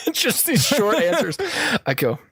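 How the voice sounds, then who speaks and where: A man's voice: high voice, wildly swooping pitch, takes it slowly, fairly bright tone, breathy edge, no room sound, clean studio sound. A man co-hosting a podcast, telling a work story in casual chat and laughing often as he goes. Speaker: podcast co-host.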